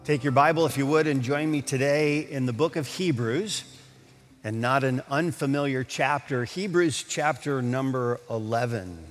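Folksy preacher in a reverberant hall. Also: male voice, mid-range voice, moderate pace, soft background music. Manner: folksy storytelling with frequent restarts. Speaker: pastor. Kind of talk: sermon.

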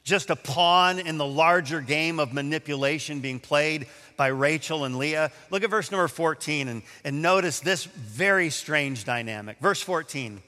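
A male pastor delivers a sermon in a high, bright voice that swoops with lively intonation. He reads scripture aloud and presses his points with emphasis. A long hall reverb trails each phrase. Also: unhurried.

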